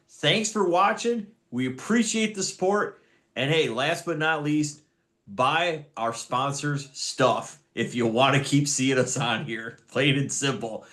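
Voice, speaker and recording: A man's voice: fairly high pitch, a bit bright. A man hosting a motorsport podcast, reading the intro, sign-off and sponsor plugs in an upbeat announcer manner. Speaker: podcast host.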